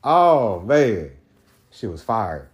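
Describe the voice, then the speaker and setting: Low-voiced man telling a rambling story. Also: sing-song, drawn-out words, lo-fi sound. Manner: loose, profane, rambling with many restarts. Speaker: podcast host. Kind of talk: casual monologue storytelling.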